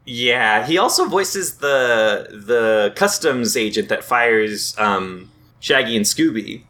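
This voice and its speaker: A man co-hosting a casual podcast, joking wryly about a movie and tripping over words when excited. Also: mid-range voice, slow pace. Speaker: podcast co-host. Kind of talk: casual movie recap chat.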